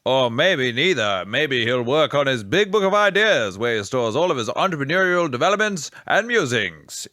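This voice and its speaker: A man's voice: mid-range voice, sing-song, moderate pace, few pauses, bright, forceful tone, no room sound, studio quality. A man co-hosting a podcast, chatting playfully and rambling while watching a film. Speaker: podcast co-host. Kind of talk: casual chat over a film.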